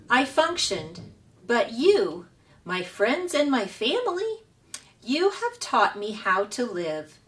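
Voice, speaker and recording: A woman voicing a gentle, formal robot. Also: on the high side, distant mic, heavily acted. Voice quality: precise, formal phrasing.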